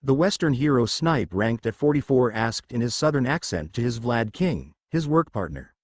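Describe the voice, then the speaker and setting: A man's voice: mid-range voice, expressive, moderate pace, no echo, studio quality. A man narrating a fan fiction story and reading every character's lines himself.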